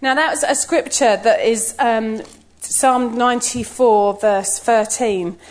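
Middle-aged woman, fairly high voice, storytelling sermon, lively and chatty. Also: slow. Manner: lively storytelling, acts out quotes with laughs. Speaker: church speaker. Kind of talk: personal sermon talk.

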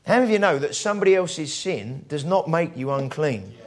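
A male preacher tells his sermon like a story over coffee, slipping into the voices of the people he describes. His voice sits a little high for a man. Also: lively intonation, fairly quick, slight background noise. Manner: conversational storytelling, acts out quoted voices.

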